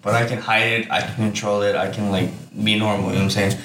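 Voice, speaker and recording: A young man co-hosting a casual chat, swearing often and telling animated stories with frequent laughs. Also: fairly low pitch, fast talker. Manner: profane, laughing, animated storytelling. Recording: roomy, distant mic with clear background noise.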